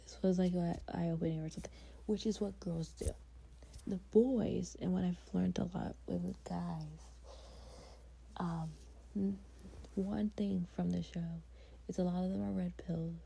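Woman venting in a hushed half whisper, slow and gravelly, dark low voice, late night in bed. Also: steady tone, rough recording. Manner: half-whispered, heated ranting. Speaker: vlogger reacting to a reality show. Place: bedroom at night, dogs asleep on bed.

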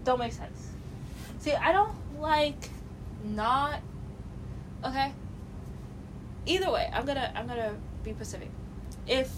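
Chatty young woman, blunt opinions. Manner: chatty, blunt, rambling with restarts and fillers. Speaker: reality show commentator. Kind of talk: casual opinion vlog. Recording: noticeable background noise with a low rumble.

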